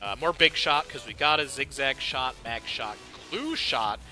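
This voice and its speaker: A man chatting casually while playing a co-op game with friends, excitable and quick to react with gasps and exclamations. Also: mid-range voice, soft background music. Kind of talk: casual gameplay chat.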